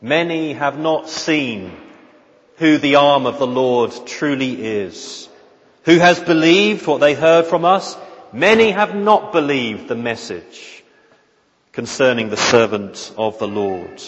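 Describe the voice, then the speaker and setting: A man preaching an expository sermon, slow and earnest, often repeating words as he searches for the next phrase. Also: mid-range voice, expressive, fairly bright tone. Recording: dull audio with long hall reverb.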